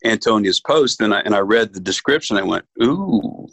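A man from New York chats in a remote interview, acting out the people in his stories with a lot of energy. His voice sits low and sounds dry and close, with no room around it. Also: fast, creaky, dry recording, rough recording. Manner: animated storyteller, acts out quoted voices. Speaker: actor guest. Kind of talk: casual interview chat.

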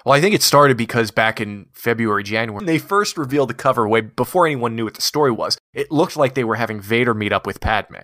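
A man co-hosting a pop-culture podcast, talking about comics, animated and joking. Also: fast talker, hardly any pauses, no room sound, clean studio sound. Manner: animated storyteller, does squeaky voices in jokes. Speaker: podcast co-host, comics expert. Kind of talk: casual chat.

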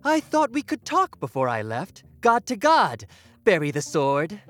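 A scheming young storm god, put on by a woman in an audio drama. He speaks with sly, mock politeness and a lively, swinging voice. Soft music plays underneath. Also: on the low side, unhurried. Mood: mock-polite.

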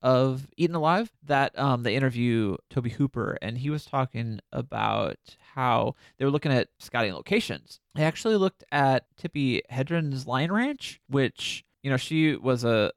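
A man's voice: medium pitch, animated, moderate pace, vocal fry, hardly any pauses, smooth, dry recording, clean studio sound. A man co-hosting a podcast, chatting casually about a horror film and rambling through trivia with many restarts. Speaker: podcast co-host. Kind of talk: casual movie discussion.

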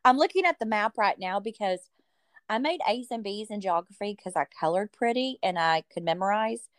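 A woman with a mid-range voice hosts a relaxed chat, bubbly and quick to laugh. Her questions are playful and teasing. The recording is dry, with no room echo. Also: medium pitch. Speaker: host. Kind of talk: casual chat.

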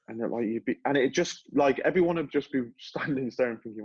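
A former footballer, appearing as a podcast guest, tells stories in a relaxed way with many restarts. His medium-pitched voice is brisk and husky, and the sound is lo-fi with no echo.

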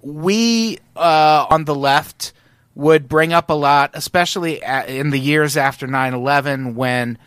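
A man's voice: a little high, unhurried, fairly bright tone, clean tone, no echo, clean studio sound. Thoughtful man musing in casual chat. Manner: thoughtful, searching, with hesitant restarts.

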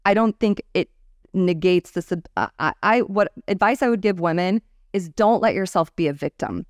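A woman's voice: lowish voice, moderate pace, no echo, studio quality. A woman in her thirties, a startup founder telling stories in a candid interview, acting out the people she quotes. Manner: animated storyteller, acts out quoted people.

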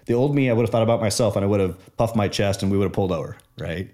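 A man with a fairly low voice talks through his own experiences in relaxed conversation. He is earnest and reflective, winding his thoughts out loud as he tells a story. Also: rapid-fire. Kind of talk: casual conversation.

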